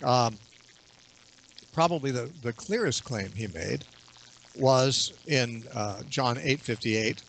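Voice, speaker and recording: Male bible teacher, radio guest, steady explanatory delivery, mid-range voice. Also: medium pitch, a little hiss or hum. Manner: explanatory, measured, quotes scripture at length. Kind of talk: radio interview.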